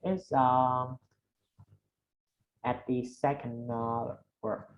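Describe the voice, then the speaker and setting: An English student answering questions in a lesson, hesitant with many pauses. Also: mid-range voice, level tone.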